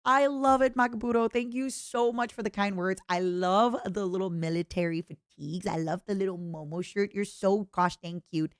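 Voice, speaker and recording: A woman streamer chatting casually and reading fan letters, expressive and playful, swinging from excited squeals to soft murmurs, her throat a little strained. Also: mid-range voice, normal speed, hardly any pauses, smooth, no room sound, clean studio sound.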